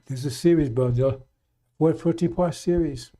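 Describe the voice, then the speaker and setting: A man's voice: fairly high pitch, normal speed, mellow. A middle-aged man giving a fiery, off-the-cuff radio sermon, blunt and profane, repeating his warnings over and over. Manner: blunt, profane, repetitive exhortation. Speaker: radio preacher.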